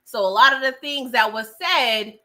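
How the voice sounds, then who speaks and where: Bright-voiced woman doing a chatty recap. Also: a little high, normal speed. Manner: chatty, laughing, greets viewers by name. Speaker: TV show recap host. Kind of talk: casual livestream recap and chat.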